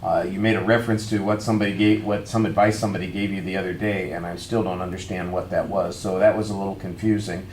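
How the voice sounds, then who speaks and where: A man's voice: low voice, flat delivery, darkish tone, slight background noise. Man giving frank feedback in an echoey classroom. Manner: measured, frank critique with hedged praise. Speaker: public speaking instructor. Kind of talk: spoken feedback on a student speech.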